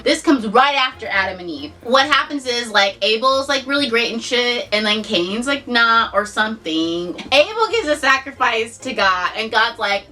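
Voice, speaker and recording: Young woman vlogger, high bright voice, sarcastic and sweary, mic a bit distant. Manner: animated, sarcastic, swears, lots of "like". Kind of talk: casual chat to camera.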